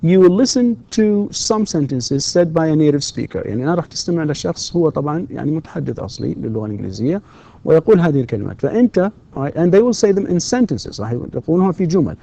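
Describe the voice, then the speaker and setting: A man's voice: fairly high pitch, sing-song, rapid-fire, gravelly, mellow. A man whose first language is Arabic, giving a recorded university English lecture and patiently repeating example questions. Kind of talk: recorded distance-learning lecture.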